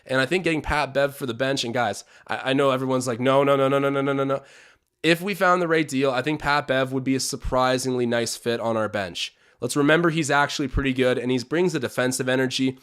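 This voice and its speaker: A man's voice: mid-range voice, quick pace, few pauses, a bit bright, clean tone. A young man hosting a live-stream watch-along, chatting opinions, calling plays and reading out viewer comments.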